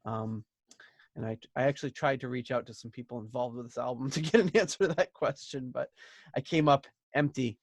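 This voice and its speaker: A man's voice: mid-range voice, brisk, no echo. A man in his thirties hosting a podcast, chatting casually and rambling about an album, laughing easily. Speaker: podcast host. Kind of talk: casual album review chat.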